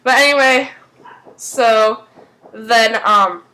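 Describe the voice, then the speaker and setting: A woman with a bright, high voice talks through a TV episode in a loose, casual recap. She rambles, trips over her words and stacks up fillers. She turns animated and emotional when reacting to the story. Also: extremely slow, poor audio. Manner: rambling, filler-heavy, with many restarts; animated and emotional, swinging between excitement and mock dismay. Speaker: fan recap vlogger.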